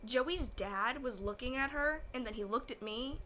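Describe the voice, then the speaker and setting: A young woman tells her fan story in a high, bright voice, tearful and gushing as she acts out what everyone said. A faint noise sits under the recording. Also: normal speed. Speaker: vlogger. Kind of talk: emotional fan vlog storytelling.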